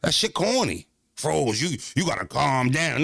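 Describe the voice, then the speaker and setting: Animated streamer man, dry close mic. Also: on the high side, moderate pace, vocal fry, no echo. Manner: animated, profane street slang, talks back to chat. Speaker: streamer reacting to chat. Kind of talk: casual livestream talk.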